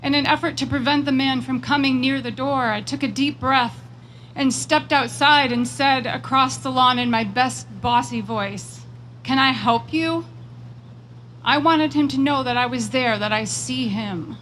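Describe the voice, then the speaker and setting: A woman giving a prepared political speech at a rally, measured and emphatic, slowing down on repeated phrases and moving into personal storytelling. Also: high-pitched, steady tone, fairly bright tone, a little hiss or hum, poor audio. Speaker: rally speaker.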